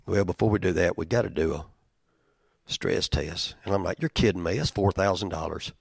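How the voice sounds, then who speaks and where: A man preaching a sermon in a conversational, storytelling way, swinging from loud outbursts to near-whispers. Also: fairly quick, vocal fry, husky, no echo, studio quality. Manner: conversational, storytelling with big swings in loudness and pitch. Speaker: pastor.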